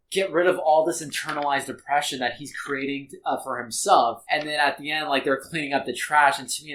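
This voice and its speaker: A man's voice: on the high side, fairly bright tone, rough recording. A man as a podcast guest, talking in a rambling, earnest way with frequent restarts. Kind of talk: casual reaction chat.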